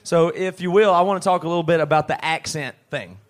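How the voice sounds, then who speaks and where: A man from the southeastern US co-hosts a live podcast on a pub stage, riffing in an animated, ranting comic way as he banters before a crowd. He speaks into a handheld mic with a Southern accent, a voice on the high side and a quick pace.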